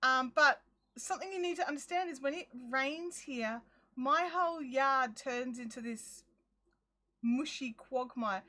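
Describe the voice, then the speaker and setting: An Australian woman chats animatedly to her livestream audience from her craft shed, recounting a funny story and playing out what each person said, her own quotes included. She's speaking through a phone in a casual, chatty way, with a high, bright, forward voice.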